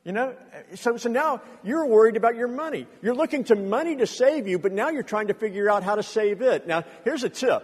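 A middle-aged man preaching a sermon as pastor, telling personal stories earnestly and rising to loud impassioned bursts. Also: very high-pitched, expressive, fairly quick, few pauses, breathy edge. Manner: earnest storytelling, builds to loud impassioned outbursts. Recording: long reverb of a large hall.

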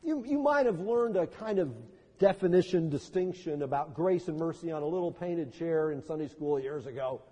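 A man's voice: fairly high pitch, animated, normal speed, dark tone, breathy edge. A man preaching a sermon as pastor, reading scripture and rising to impassioned cries. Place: church sanctuary. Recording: long church reverb.

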